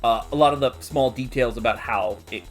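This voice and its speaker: A man hosting a casual manga recap, chatty and animated with laughing asides. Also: mid-range voice, brisk. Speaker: host.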